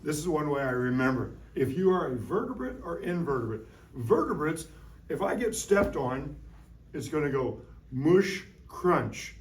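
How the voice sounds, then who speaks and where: A man teaching a lively science lesson to young children in a classroom, playful and full of call-and-response. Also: a little high, moderate pace, a little hiss or hum. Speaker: science educator visiting a class. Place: school classroom. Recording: roomy room from a distant mic.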